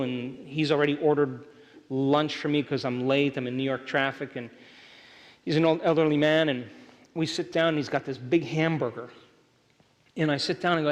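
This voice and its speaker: Guy giving a seminar talk in a big echoey hall, slightly high voice, keeps asking the crowd if they're with him. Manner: keeps checking in with the audience. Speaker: seminar speaker. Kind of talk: motivational seminar lecture. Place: large lecture hall with a live audience. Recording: long hall reverb.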